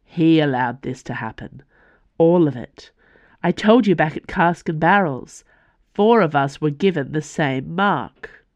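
A woman's voice: sits low, animated, unhurried, dry recording, muffled recording. A woman voicing a weary, controlled veteran male assassin who hisses and grates his words. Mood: tense. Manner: hissing, grating, clipped.

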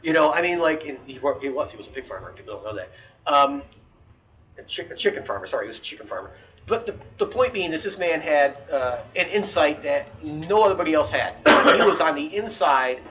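A man's voice: on the high side, sing-song, brisk, bright, forceful tone. A man hosting a casual podcast chat, ranting animatedly and swearing a lot.

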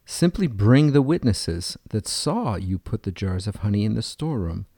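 A man's voice: on the low side, very animated, moderate pace, gravelly, mellow, breathy edge, no room sound, studio quality, exaggerated voice. A man voicing a scheming male neighbor who denies a theft with indignant smugness. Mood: smug.

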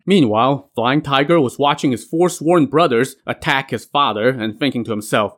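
A man's voice: medium pitch, moderate pace, few pauses, a bit bright. A man casually retelling an old myth in wry, colloquial narration as host. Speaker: storyteller.

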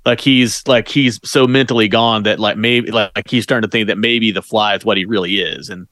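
Man, podcast co-host, low voice, dry close sound, relaxed chatter. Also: moderate pace, no room sound. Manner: relaxed, loose chatter with many fillers. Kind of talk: casual movie review chat.

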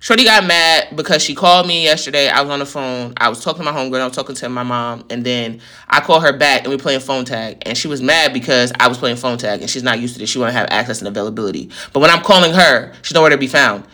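A woman's voice: very deep voice, fast, pushed and bright. Fired-up New woman ranting. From New York. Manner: heated, profane, venting. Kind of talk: storytime rant to viewers.

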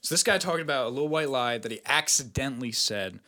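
A man's voice: medium pitch, animated, quick pace, sharp tone. A man casually retelling a story to friends, full of swearing and filler words. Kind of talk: casual group chat.

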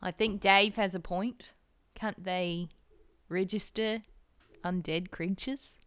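A woman playing a tabletop game, speaking in a hushed way. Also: mid-range voice, fairly even intonation, slow pace, clear, resonant tone. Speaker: player.

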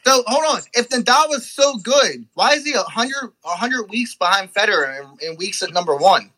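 A man's voice: sits high, animated, moderate pace, pushed and bright, poor audio. A man in a heated sports debate, exasperated and insistent, cutting in to defend his side.

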